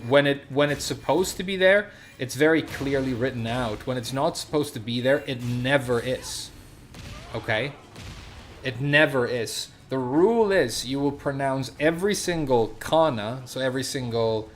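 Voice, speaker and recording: A man's voice: medium pitch, slight background noise. Rambling man chatting on a stream. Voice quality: slight lisp-like S sound. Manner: rambling, many fillers and restarts. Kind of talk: casual stream chat.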